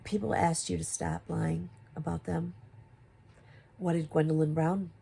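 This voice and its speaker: At a measured pace and steady tone, this woman's low voice sounds gravelly, warm, and slightly rough. She's a commentary YouTuber directing confrontational rhetorical questions at another creator, rising to exasperated emphasis.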